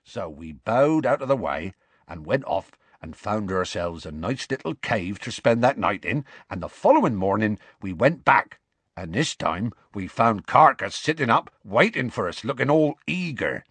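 A man narrating an audiobook with expressive, animated reading. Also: on the low side, normal speed, husky, no echo. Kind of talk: scripted narration.

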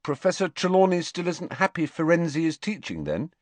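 A teenage schoolboy talks quickly and casually, sounding in a rush, as a male narrator voices him. The audiobook read is close and dry. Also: a little high, big pitch swings, dry recording, voice pushed up. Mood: hurried. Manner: hurried, casual. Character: hurried teenage schoolboy, plain. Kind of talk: audiobook character voice.

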